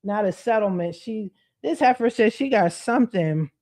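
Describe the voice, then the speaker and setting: A woman's voice: mid-range voice, expressive, moderate pace, warm tone. Woman coach, livestream rant, blunt and profane, slangy, speaks straight to camera. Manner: blunt, profane, fired-up venting; streetwise slang, addresses viewers directly. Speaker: credit repair coach.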